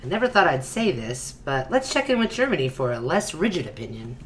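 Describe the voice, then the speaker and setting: A woman anchoring a satirical news segment in a deadpan way. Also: deep voice, a little fast, faint music behind.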